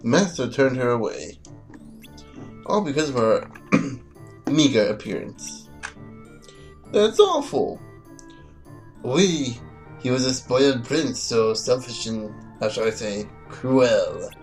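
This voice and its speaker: A man hamming up a grand candelabra servant in an exaggerated mock-French accent. The delivery is theatrical and overdone, with a lively pitch. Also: slow pace, pauses often, soft background music. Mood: storytelling. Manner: hammy, exaggerated.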